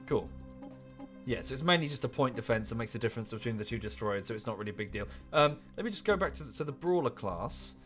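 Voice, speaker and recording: Male streamer, casual and rambling desk-mic commentary, mid pitch, soft music bed. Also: lively intonation, fast. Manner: chatty and rambling, with offhand asides. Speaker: game streamer.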